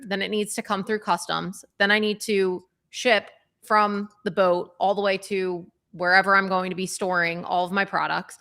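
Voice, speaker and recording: Creaky, bright-voiced woman. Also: medium pitch, flat delivery, moderate pace. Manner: conversational with frequent fillers. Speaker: livestream co-host. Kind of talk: casual livestream chat.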